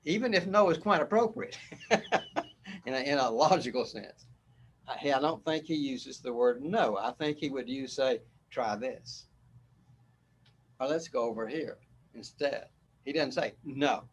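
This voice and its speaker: A man's voice: medium pitch, expressive, moderate pace, slight background noise. A man as a spiritual teacher, giving a casual, rambling talk where he often repeats words and chuckles.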